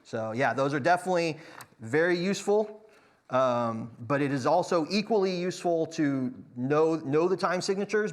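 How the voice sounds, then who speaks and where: A man teaching a church song leading class, counting beats aloud with frequent restarts. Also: fairly high pitch. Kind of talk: church music class lecture.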